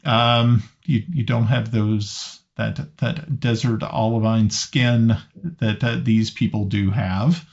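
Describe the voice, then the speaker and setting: A man's voice: on the low side, steady tone, slow, vocal fry, a little mellow. A man narrating as game master of a tabletop game, hesitant and often restarting his sentences. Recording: slightly muffled lo-fi audio.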